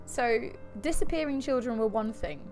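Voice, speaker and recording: A woman's voice: a little high, expressive, moderate pace, darkish tone, soft background music. A woman co-hosting a podcast, telling a creepy story in a jokey, giggly way and swearing casually. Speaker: podcast co-host.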